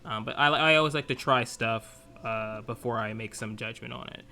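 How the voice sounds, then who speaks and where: A man's voice: mid-range voice, normal speed, creaky. A man co-hosting a podcast in casual chat, explaining his views and thinking aloud with many restarts. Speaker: podcast co-host.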